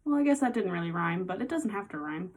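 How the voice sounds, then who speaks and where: A woman's voice: lowish voice, lively intonation, fast talker. A woman giving a casual songwriting lesson, patiently explaining and counting beats aloud, with guitar playing behind her. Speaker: music teacher.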